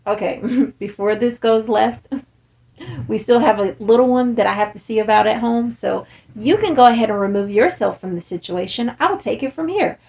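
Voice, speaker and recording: A woman, hosting a candid casual chat, talking bluntly and acting out the people she quotes. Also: a little high. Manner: blunt, animated, acts out quoted dialogue. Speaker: podcast host and parent.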